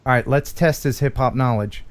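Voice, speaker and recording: A man's voice: medium pitch, normal speed. An American man hosting a casual live stream, joking around and reading chat comments aloud. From United States. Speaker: host.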